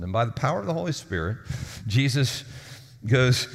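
A man's voice: medium pitch, sing-song, moderate pace, vocal fry, long pauses. A man preaching a sermon as lead pastor, talking in a conversational, storytelling way and acting out the people in his stories. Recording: long hall reverb.

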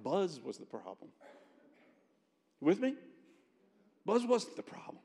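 A male pastor preaching in a college chapel, talking in an animated storytelling way, often restarting and repeating words as he goes. His voice sits a little high for a man, and it rings with a long chapel reverb. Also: a little slow. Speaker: pastor, guest chapel speaker. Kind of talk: sermon.

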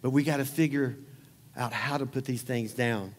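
A man preaches to a congregation in a loose, conversational way, acting out little scenes as he goes. His voice sits at an ordinary middle pitch. A long reverb from the hall trails after his words. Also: steady tone, normal speed. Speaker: pastor. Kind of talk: sermon.

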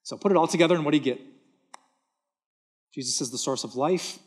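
Pastor guy preaching from a stage, kinda high voice, really earnest, hammers words over and over. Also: a little fast, breathy edge. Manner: earnest, emphatic, repeating words for stress. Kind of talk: sermon. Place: church auditorium with a stage.

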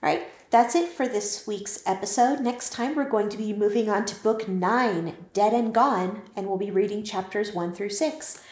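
A woman's voice: mid-range voice, moderate pace, hardly any pauses, a little mellow. A woman co-hosting a casual book-discussion podcast who chats upbeat and wraps up the episode. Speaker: podcast co-host. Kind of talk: casual book-club chat. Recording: roomy echo.

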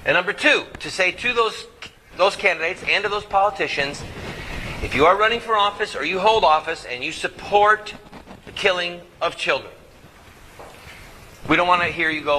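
A man's voice: sits high, normal speed, pauses often, bright, forceful tone, a little hiss or hum, poor audio. Fervent man preaching to a crowd. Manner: fervent, preaching, fires rhetorical questions at the crowd. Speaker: activist speaker. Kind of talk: impassioned speech to a live audience.

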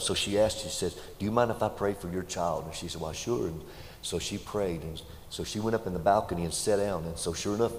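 A deep-voiced man preaches in a folksy, storytelling way, building to loud and emotional peaks. His voice rings through a large church hall with a long echo and faint background noise. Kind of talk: sermon storytelling.

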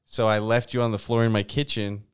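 A man with a low, smooth voice, talking casually on a podcast. He is laid-back, swears freely and lets sentences trail off. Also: little pitch movement, fairly quick. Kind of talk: casual storytelling chat.

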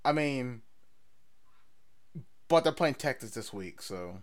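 A man's voice: mid-range voice, expressive, takes it slowly. A young man hosting a casual sports podcast, teasing his co-hosts and laughing easily. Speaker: podcast host.

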